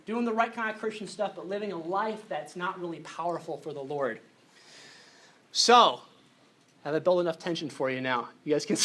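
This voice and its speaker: Brief: male seminar speaker, conversational, hushed-to-animated delivery, faint background hiss. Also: high voice. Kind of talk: youth conference talk. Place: conference hall with an audience.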